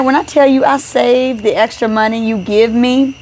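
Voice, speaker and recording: A woman's voice: a little high, moderate pace, a little hiss or hum. A woman co-hosting a casual podcast chat at home. She tells stories with energy and acts out what each person said. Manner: animated storyteller acting out quoted dialogue. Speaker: podcast co-host.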